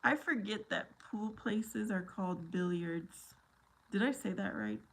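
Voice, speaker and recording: A woman chatting slowly and easily on a livestream. She giggles often and answers her viewers by name in a light, playful way. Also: medium pitch, gravelly. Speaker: livestream host. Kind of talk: casual live chat answering viewer comments.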